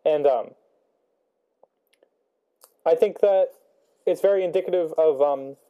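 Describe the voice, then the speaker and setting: A young male student casually talks through a book chapter in a fairly high voice, taking it slowly, with phone-quality sound. He thinks aloud with many ums and rhetorical questions.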